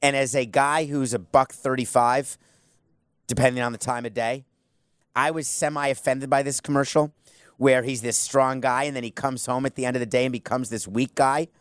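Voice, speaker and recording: A man talks in a loose, opinionated commentary style with quick self-deprecating jokes. His voice sits at an ordinary middle pitch. The sound is dry and close, with no room around it. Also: fairly even intonation, no echo.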